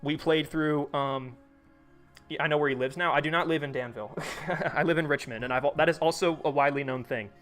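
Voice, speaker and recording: A man's voice: on the high side, steady tone, a little fast, a bit bright, soft background music. A man hosting a live stream, chatting casually and rambling with lots of fillers and restarts.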